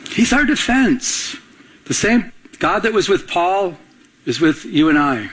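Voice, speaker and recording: A man's voice: expressive, moderate pace, a bit bright, slightly rough. A middle-aged male pastor preaching a sermon, telling stories and acting out the voices of the people in them. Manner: storytelling, acting out quoted voices with rising pitch.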